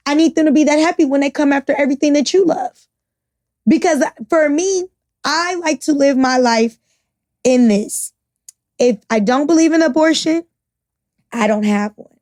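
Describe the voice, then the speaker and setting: Passionate high-voiced woman podcaster. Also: normal speed, a little mellow, no room sound, clean studio sound. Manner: passionate, blunt, swears freely. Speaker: podcast co-host. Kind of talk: casual opinionated chat.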